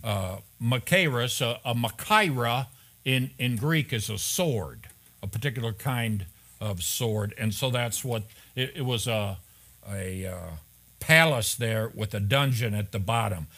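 Bright-voiced man preaching conversationally. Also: mid-range voice, unhurried. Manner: conversational, with fillers and rhetorical questions. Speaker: pastor. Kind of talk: expository sermon.

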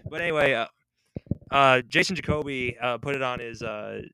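A young man from Russia hosting a podcast in a casual interview chat, with a loose, halting delivery. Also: mid-range voice, sharp tone, slight background noise, rough recording. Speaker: podcast host.

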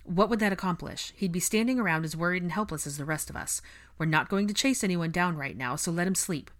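A woman's voice: sits low, a little fast. Draco, a brusque young wizard, read by a woman. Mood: firm. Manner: firm, clipped orders.

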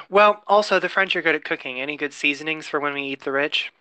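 A man's voice: on the high side, brisk, sharp tone, clean tone, dry recording. A man co-hosting a casual chat, explaining the news with fillers and wry asides.

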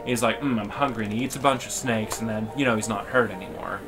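A man's voice: lowish voice, quick pace, over music. Rambling male podcast co-host. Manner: rambling, full of fillers and restarts. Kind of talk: casual comedic storytelling.

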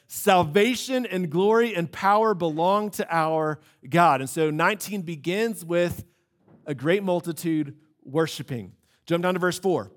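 A man's voice: fairly high pitch, moderate pace. A young male pastor preaching a sermon in a conversational way, full of restarts and asides, sometimes acting out quoted voices. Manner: acts out quoted voices, shouting in bits.

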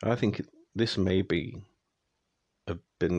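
Gravelly-voiced man ranting. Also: on the low side, normal speed, no room sound, highs cut off. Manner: exasperated, ranting, speeds up when annoyed. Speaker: vlogger. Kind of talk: casual ranting monologue.

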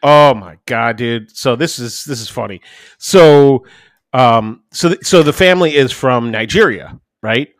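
A man's voice: medium pitch, measured pace, no echo, clean studio sound. A man in his thirties co-hosting a podcast, telling a family story in casual chat and acting out his kids' voices. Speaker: podcast co-host.

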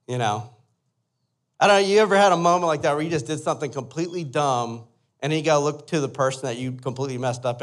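A young adult man, a pastor, telling a lively personal story in a sermon and asking the listeners to imagine along with him. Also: mid-range voice. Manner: animated storyteller, asks the audience to imagine.

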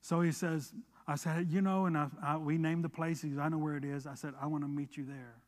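Male pastor, high-pitched, preaching with emphasis and telling stories with quoted back-and-forth, church hall reverb. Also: a little fast. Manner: preaching with rising emphasis, then relaxed storytelling with quoted dialogue. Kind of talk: sermon with a personal story.

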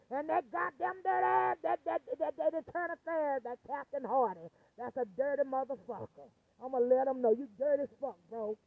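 A woman's voice: sits high, no echo. A distressed woman venting angrily and cursing, repeating herself as she tells of her ordeal, recorded at home. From United States. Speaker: vlogger telling of her ordeal. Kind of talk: emotional personal rant. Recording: tinny phone-like audio.

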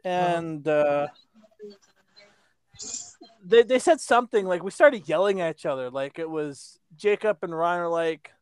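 A man's voice: on the high side, animated, unhurried, pauses often, clean tone, no echo. A man co-hosting a podcast in casual chat, telling a rambling story, swearing and laughing often. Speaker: podcast co-host.

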